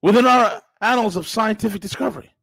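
A man's voice: sits high, quick pace, vocal fry, fairly bright tone, breathy edge, no room sound. A man co-hosting a political talk show, ranting in a sarcastic, emphatic way. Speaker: co-host.

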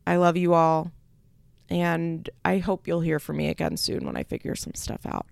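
A woman's voice: fairly low pitch, little pitch movement, moderate pace, vocal fry. A young woman hosting her podcast alone, rambling and tearful as she speaks with casual swearing. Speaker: podcast host. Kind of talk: solo podcast announcement.

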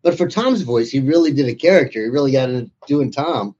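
A man being interviewed about his book tells amused, anecdotal stories. His voice is husky and mellow, and the recording sounds dull and lo-fi. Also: mid-range voice, animated, quick pace. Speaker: author and interviewer guest. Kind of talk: casual interview chat.

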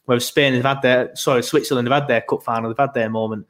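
A man talking football in a relaxed, hesitant way on a casual podcast. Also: medium pitch, quick pace, hardly any pauses. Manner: laid-back, hesitant, many fillers. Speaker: podcast co-host.

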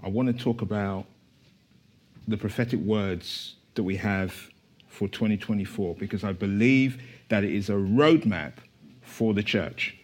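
A man preaching a church sermon, moving from quiet asides to impassioned, emphatic declarations. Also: on the low side, measured pace.

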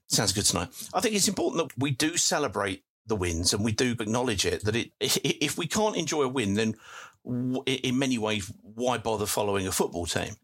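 A man's voice: medium pitch, a bit bright, breathy edge. A man hosting a live football chat, reading out listener messages with jokey asides. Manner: jokey, chatty, reads messages aloud with quick asides. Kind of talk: casual live audio chat. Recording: live audio stream.

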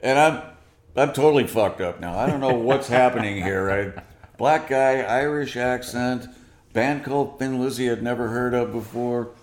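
A man being interviewed, telling a long anecdote in an animated way and acting out the dialogue. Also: medium pitch, normal speed, roomy sound. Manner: animated, acts out quoted dialogue. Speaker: guest musician. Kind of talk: storytelling interview.

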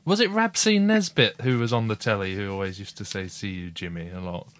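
A man hosting a casual podcast chat, gentle and encouraging, often restarting his sentences. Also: on the low side, sing-song, fairly quick. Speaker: podcast host.

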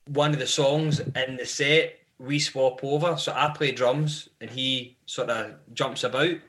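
A man with a bright Scottish voice spins loose road-trip stories in a podcast chat. His delivery is rambling and anecdotal, full of asides and restarts. His pitch sits in an ordinary middle range. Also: fairly even intonation, unhurried. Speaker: band member guest. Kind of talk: live podcast interview.

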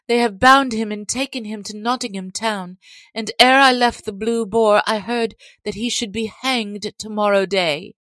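A woman voicing a young tavern lass who is out of breath and alarmed, raised in pitch. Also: steady tone, moderate pace, a bit bright, no echo, lightly acted.

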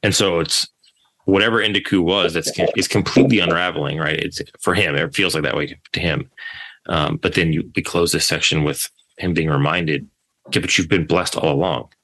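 A man's voice: low-pitched, steady tone, fairly quick, a bit bright. A man co-hosting a podcast, discussing a book in a casual, hesitant way with frequent restarts. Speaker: podcast co-host.

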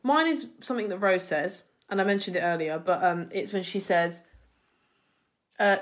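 A woman co-hosting a podcast, chatting in an animated way and often repeating words. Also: mid-range voice, moderate pace. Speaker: podcast co-host. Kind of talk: casual chat.

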